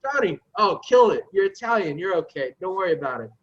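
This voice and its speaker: A man voicing a pushy, easygoing landlord who talks loudly and brushes problems off, on dull lo-fi audio. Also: high-pitched, big pitch swings, fast talker, distant mic. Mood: brash. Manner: brash, dismissive, loud.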